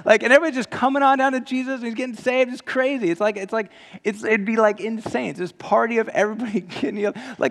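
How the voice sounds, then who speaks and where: Pastor, male, gravelly and fairly high voice, animated, jokey but earnest, in a reverberant hall. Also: quick pace. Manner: animated, jokey storytelling that shifts to earnest appeals. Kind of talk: sermon.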